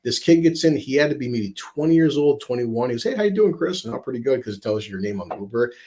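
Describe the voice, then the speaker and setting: A man's voice: medium pitch, fairly even intonation, quick pace, dark tone. A man from upstate New York rambling through profane stories in casual stream chat. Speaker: streamer and part-time Uber driver.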